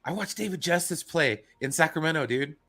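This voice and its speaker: A man with a bright, sharp voice from Northern California talks sports on a stream. He is enthusiastic and casual, swearing freely and calling everyone "dude.". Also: a little high, lively intonation, fairly quick. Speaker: guest co-host.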